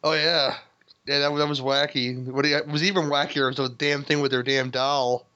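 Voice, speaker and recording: Bright-voiced laughing podcast host man. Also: a little high, flat delivery, moderate pace. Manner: laughing, swearing, rambling with restarts. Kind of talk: casual movie review chat. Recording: dull lo-fi sound.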